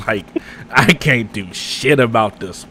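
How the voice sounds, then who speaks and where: A man's voice: mid-range voice, animated, slow, bright, forceful tone, a little hiss or hum. A man hosting a livestream, chatting casually and animatedly, acting out quotes and laughing as he goes. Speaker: streamer host. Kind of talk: casual chat.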